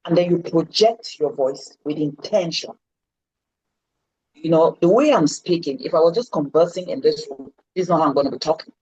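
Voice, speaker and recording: A woman's voice: low-pitched, moderate pace, mellow, breathy edge, dry recording, lo-fi sound. A woman coaching public speaking in a live online lesson, stressing and repeating her key words. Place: indoors, seated.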